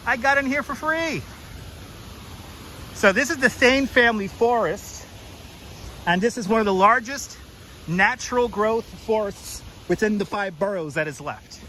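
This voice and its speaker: A chatty man hosts a walking livestream outdoors on a clip-on mic. His voice sits high for a man, bright and forceful, with faint background noise. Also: animated, measured pace, pauses often, poor audio. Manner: chatty, jokey, reads sign text aloud, greets viewers. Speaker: livestream host. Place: outdoors in a forest garden. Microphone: wireless clip-on mic.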